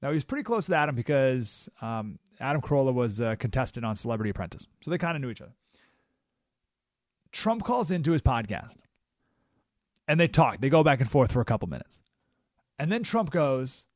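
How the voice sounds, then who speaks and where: Animated male talk radio host. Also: mid-range voice, a little fast, long pauses, dry recording, clean studio sound. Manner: animated storytelling, frequent "right?" asides. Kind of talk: conversational talk radio monologue.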